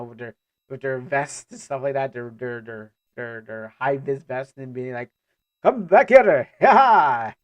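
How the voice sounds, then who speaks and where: A man chatting on a live stream in a loose, rambling way, full of restarts and stammers. His voice sits at an ordinary middle pitch, and it was recorded close and dry with no room sound. He keeps breaking off into joking asides as he reacts. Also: no room sound, highs cut off.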